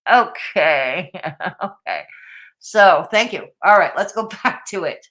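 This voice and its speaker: Woman streamer doing snarky reaction commentary, bright sharp voice. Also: medium pitch, sing-song, slow pace. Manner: mocking, scolding asides. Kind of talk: sarcastic live reaction commentary.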